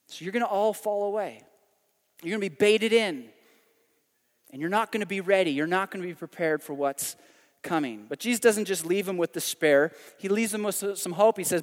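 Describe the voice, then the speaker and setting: A man preaching a sermon, animated and emphatic, swinging between loud climaxes and quiet, hushed drops. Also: high voice, fairly quick, long reverb tail. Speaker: pastor.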